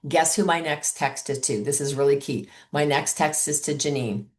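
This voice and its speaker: Low-voiced woman coaching a sales team. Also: normal speed. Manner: upbeat, acts out sample calls and texts. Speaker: sales trainer.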